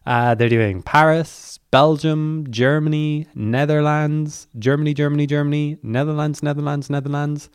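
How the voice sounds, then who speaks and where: A man's voice: medium pitch, a little mellow, no room sound, studio quality. A man with an Irish accent hosting a music podcast, talking through the show's lineup with rambling, self-deprecating asides. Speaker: podcast host. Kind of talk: chatty solo podcast intro.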